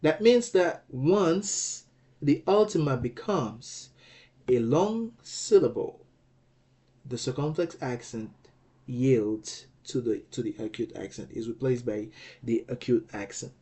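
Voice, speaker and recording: A man explains grammar rules in an unhurried, measured lesson. His voice is dark and mellow. He repeats phrases and pauses to check that the listener follows. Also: mid-range voice, lively intonation. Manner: slow and deliberate, repeats phrases, frequent "okay?" checks. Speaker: Greek language teacher.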